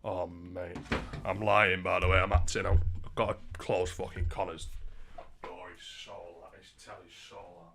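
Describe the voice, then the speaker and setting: Man, young adult, casual livestream chat, crude, rambling, swears a lot, lowish voice. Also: flat delivery, normal speed, creaky, noisy background. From Britain.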